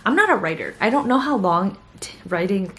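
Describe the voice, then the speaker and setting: A woman's voice: mid-range voice, sing-song, fairly quick, fairly bright tone, slight background noise. A young woman in her twenties, a college student, chatting casually about books in a vlog, gushing and full of fillers. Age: young adult. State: tired. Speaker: book vlogger. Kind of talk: casual reading vlog chat.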